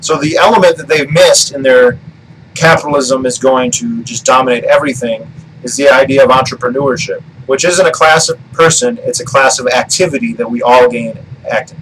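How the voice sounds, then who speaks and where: A man's voice: medium pitch, a little fast, fairly bright tone, slight background noise, poor audio. A man talking through an argument off the cuff, rambling, restarting sentences and swearing now and then. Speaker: political commentary vlogger. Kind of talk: casual monologue.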